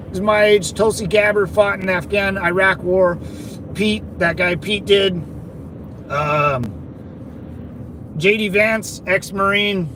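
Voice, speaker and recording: High-voiced rambling guy, noisy outdoors. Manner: loose, rambling, slangy, calls viewers brother. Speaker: livestream host. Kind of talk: casual livestream chat reading viewer comments.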